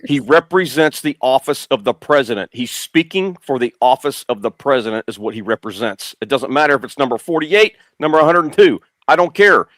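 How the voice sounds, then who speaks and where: A man's voice: mid-range voice, animated, brisk, few pauses, a bit bright, no echo. A middle-aged man speaking as a guest on a political talk show, blunt and insistent, repeating his points. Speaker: guest commentator.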